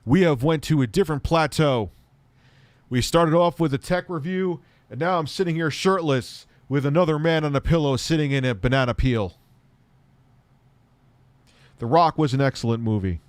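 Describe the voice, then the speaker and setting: A man's voice: fairly high pitch, moderate pace, dry recording. Rambling, crude middle-aged man streaming. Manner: rambling, crude joking, talks to chat. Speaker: tech streamer. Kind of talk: live-stream banter.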